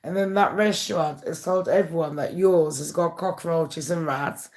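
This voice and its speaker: A woman with a low, slightly mellow voice speaks at a moderate pace. The YouTuber delivers a casual, candid monologue straight to camera, sounding aggrieved as she addresses her viewers.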